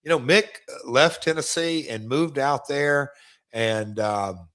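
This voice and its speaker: A man's voice: medium pitch, slow, a bit bright. A middle-aged man and former wrestler, co-hosting a casual podcast, telling rambling road stories and often restarting his sentences.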